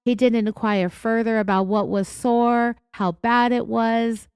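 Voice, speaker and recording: A woman with a California accent hosting a true crime podcast, raspy from being sick, telling the story in an indignant, sarcastic way. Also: a little high, steady tone, measured pace, a little mellow, no room sound, studio quality. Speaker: podcast host.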